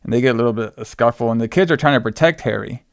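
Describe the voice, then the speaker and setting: A man's voice: medium pitch, very fast, vocal fry, no room sound, studio quality. A man casually recapping a movie plot as a podcast co-host, rambling and leaning heavily on filler words.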